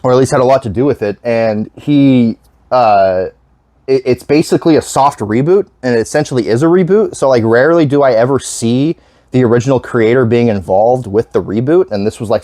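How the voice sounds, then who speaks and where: A man's voice: mid-range voice, brisk, mellow, no room sound. A man vlogging in casual chat, rambling with lots of restarts and frequent swearing.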